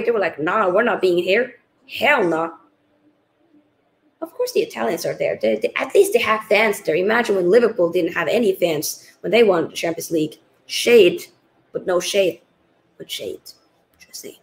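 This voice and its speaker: A woman hosting a live football watchalong chats casually with viewers. Her voice sits a little high and has a gravelly, fry-laden edge. She sounds tired after hours of streaming but keeps the talk loose and chatty. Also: low-quality recording. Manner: chatty, animated, reads out viewer comments. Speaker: livestream host.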